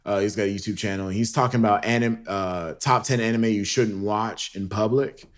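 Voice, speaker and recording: A man's voice: on the low side, steady tone, moderate pace. A young man co-hosting a podcast, chatting in a laid-back, slangy, joking way. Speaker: podcast co-host. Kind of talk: casual chat.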